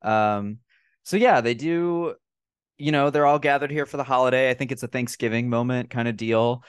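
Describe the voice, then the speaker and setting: A man hosting a casual film podcast, retelling scenes with lots of swearing and animated energy. His voice sits at an ordinary middle pitch. The sound is dry and close, with no room echo. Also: moderate pace, smooth. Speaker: podcast host. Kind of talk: casual film review chat.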